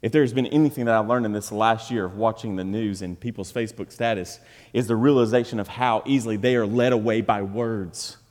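A man preaching a sermon, moving between loud, emphatic passages and quiet, low asides. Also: steady tone, a little fast, long reverb tail. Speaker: pastor. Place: church sanctuary.

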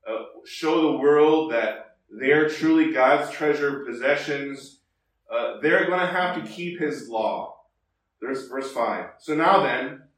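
Man preaching in a booming echoey hall. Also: a bit bright, distant mic. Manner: conversational, many restarts and fillers, rising emphasis on quotes. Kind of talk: expository Bible teaching.

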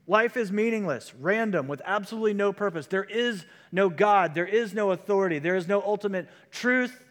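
A man's voice: high voice, moderate pace, a bit bright. A man preaching a sermon as pastor, in a conversational style that moves into quoted voices. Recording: long hall reverb.

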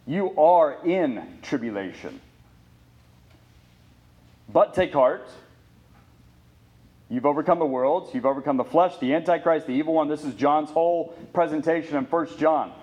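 A man's voice: mid-range voice, a little mellow. Earnest male pastor preaching emphatically. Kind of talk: sermon.

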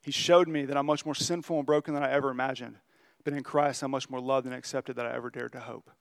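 A pastor giving an earnest, conversational sermon. He tells stories in a confessional way and slows down to stress key lines. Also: medium pitch, fairly even intonation, smooth.

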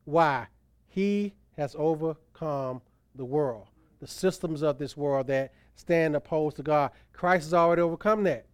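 A pastor preaches with emphatic swells, his voice slightly high and smooth. The sound is close and dry, with little room around it. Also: measured pace, dry recording. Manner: emphatic preaching, voice rising and falling for stress. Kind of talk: sermon.

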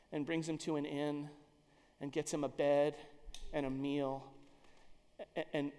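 Brief: a man preaching with a high voice, dramatic and dynamic, long hall reverb. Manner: dramatic storytelling, swings between loud and hushed. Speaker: pastor. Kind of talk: sermon.

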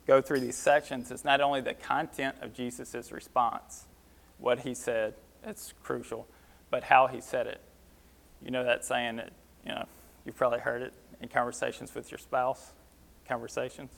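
A male pastor teaching from scripture in an easygoing, conversational manner. His voice sits at an ordinary middle pitch, and he talks plainly with a few fillers. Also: vocal fry, a bit bright. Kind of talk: sermon teaching.

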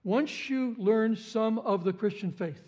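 High-voiced guy preaching, fired up, says stuff twice, pops off with loud "what?"s. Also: unhurried. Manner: impassioned, repeats phrases, jumps to high exclamations. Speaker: pastor. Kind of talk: sermon.

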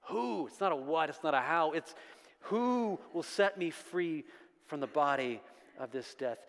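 A man preaching a sermon, his emphatic delivery swelling on repeated refrains. His voice sits a little high for a man and rings out with a long reverb. It sounds like a church sanctuary. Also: lively intonation, a little slow, fairly bright tone. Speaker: pastor.

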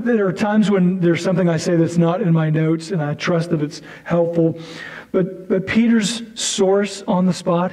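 A man's voice: fairly high pitch, warm tone, rough recording. A male pastor preaching a sermon in a conversational way, with asides and restarts.

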